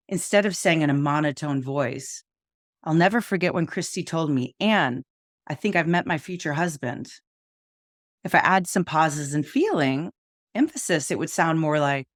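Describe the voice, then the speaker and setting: A middle-aged woman coaches people on public speaking. Her voice sits a little low and is recorded close and dry. She is expressive and leans into pauses and emphasis to show how it's done. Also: no room sound. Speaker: communication coach. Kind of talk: instructional presentation tips.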